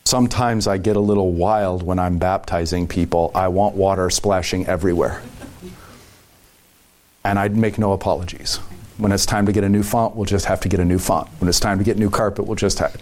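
A pastor gives long, thoughtful, rambling answers in a casual podcast chat, chuckling often. He speaks in a low voice with a darkish tone.

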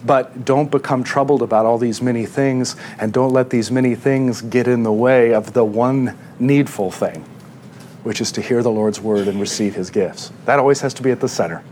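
A man's voice: mid-range voice, moderate pace, a little mellow, a little hiss or hum. A male pastor giving a sermon in a conversational way, often checking in with the congregation with questions.

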